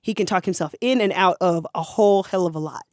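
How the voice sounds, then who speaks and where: A podcast storyteller retelling history for laughs, animated, slangy and profane. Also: medium pitch, fast talker, no echo, clean studio sound.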